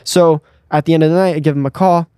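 A young man on a podcast, telling a story in a casual, animated way and acting out what people said. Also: fairly high pitch, fast talker, clean tone, no room sound, studio quality. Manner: animated, acts out quotes with frequent "like" and "you know what I mean". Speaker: guest skateboarder.

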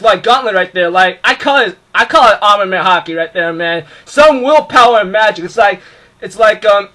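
A man giving an excited, casual recap of an anime episode, full of fillers and shouted sound effects. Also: high-pitched, poor audio. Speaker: anime reviewer.

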